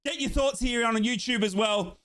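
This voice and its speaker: A man from Australia hosting a live football watchalong, calling scores and reading out chat with excited outbursts. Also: very high voice, moderate pace, smooth. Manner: excitable, exclaims and reads chat. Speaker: watchalong streamer.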